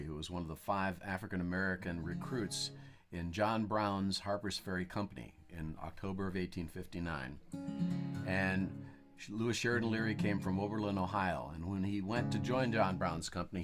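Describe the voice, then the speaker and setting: A man's voice: deep voice, fairly quick, over music. A man introducing a song with careful, explanatory storytelling before he plays. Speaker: guest musician.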